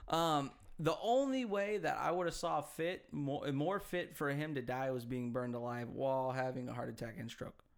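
A man's voice: medium pitch, moderate pace, hardly any pauses. A man co-hosting a casual chat, telling a story in a rambling, hesitant way with plenty of fillers and swearing. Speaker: podcast co-host.

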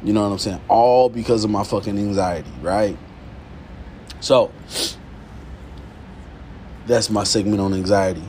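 A man hosting a podcast, talking in a candid, profane, confessional monologue that swings from low murmurs to heated outbursts. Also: unhurried, pauses often, a little mellow, a little hiss or hum. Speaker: podcast host.

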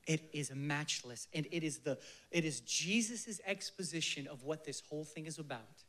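Full of fervent conviction, a preacher with a somewhat higher voice delivers his sermon. He punches his points with loud, emphatic bursts, then falls to a soft, breathy near-whisper, leading prayer with slow, reverent phrasing.

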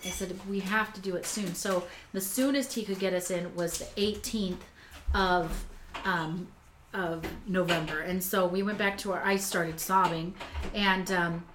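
A woman's voice: on the low side, steady tone, measured pace. A woman telling a personal story in a casual conversation, talkative and emotional, with many fillers and restarts. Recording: echoey room with faint background noise. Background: faint kitchen sounds.

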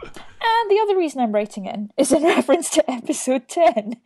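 A woman's voice: high voice, very animated, a little fast, mellow. A woman co-hosting a casual podcast, reading a listener email aloud and chatting with frequent laughs. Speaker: podcast co-host.

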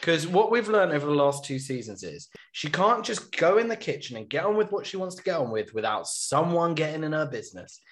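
A man hosts a casual podcast, recapping scenes with jokes and playful mock voices. His voice sits a little high and swings up and down a lot. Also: big pitch swings, brisk, few pauses. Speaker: podcast host.

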